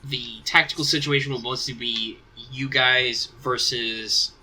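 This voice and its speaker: Man with a very bright voice running a tabletop game. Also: medium pitch, fairly even intonation, a little slow, breathy edge, low-quality recording. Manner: thinks aloud, casual and rambling. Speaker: game master.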